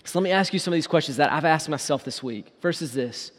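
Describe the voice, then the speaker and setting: A man preaching a sermon as pastor, asking the congregation rhetorical questions and slowing down on key words. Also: on the high side, long reverb tail.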